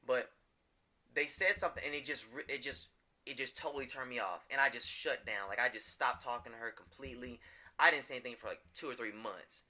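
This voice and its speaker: A man with a very bright, forward voice talks openly on a podcast. He rambles candidly through personal stories, restarting sentences and leaning on fillers. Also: mid-range voice, brisk. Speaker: podcast co-host. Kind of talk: casual podcast chat.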